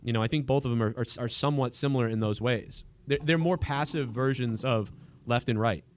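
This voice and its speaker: A man's voice: mid-range voice, brisk. A man hosting a livestream in casual chat, rambling with frequent restarts and trailing thoughts. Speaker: livestream host.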